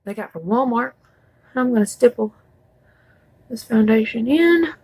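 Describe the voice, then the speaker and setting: A woman's voice: fairly high pitch, animated, moderate pace, background noise. A woman chatting casually through a makeup tutorial, rambling with folksy asides. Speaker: beauty vlogger.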